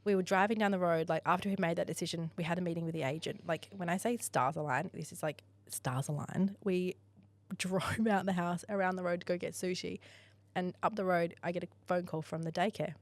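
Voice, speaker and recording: An Australian woman, a podcast guest, telling a story in a chatty, animated way and acting out the dialogue. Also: on the low side, quick pace, dry recording. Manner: chatty, animated, acts out dialogue, laughs often. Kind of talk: casual storytelling in a podcast interview.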